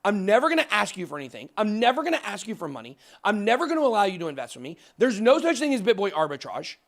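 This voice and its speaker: A man hosting a crypto talk show, emphatic and excitable, ranting into the camera. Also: high-pitched, fast talker. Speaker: crypto channel host. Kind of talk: fired-up casual talk on camera.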